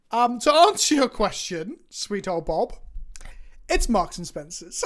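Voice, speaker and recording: A man's voice: sits high, sing-song, slow, pauses often, fairly bright tone. Sweary, chatty English man streaming. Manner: rambling, sweary, self-mocking banter. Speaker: Magic card game content creator. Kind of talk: casual chat on a live stream.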